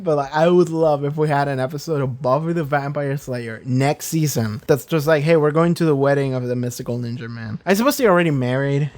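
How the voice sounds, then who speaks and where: A man hosting a reaction channel, rambling casually about a TV episode with frequent swearing and animated asides. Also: a little high. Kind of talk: casual commentary.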